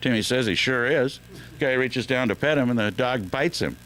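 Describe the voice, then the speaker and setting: A man's voice: mid-range voice, fairly quick, a bit bright. A man hosting a radio show, telling joke after joke in a loose, joking way with lots of fillers. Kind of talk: telling jokes on air.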